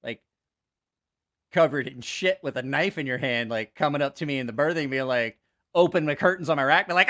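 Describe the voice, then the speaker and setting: Bright-voiced man telling crude jokes. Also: fairly high pitch, brisk. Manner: laughs at his own jokes, swears freely; animated joke telling. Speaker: channel host. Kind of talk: casual livestream storytelling.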